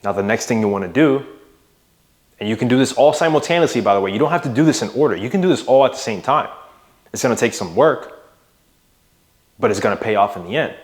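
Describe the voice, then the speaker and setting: A man's voice: lively intonation, fast, long pauses. A young adult man coaching viewers in a motivational monologue, casual and emphatic, pushing his voice up and down to stress words and checking in with "right?". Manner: emphatic, varies loudness and pitch for emphasis, casual with "bro" and "right?". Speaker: mindset and fitness coach.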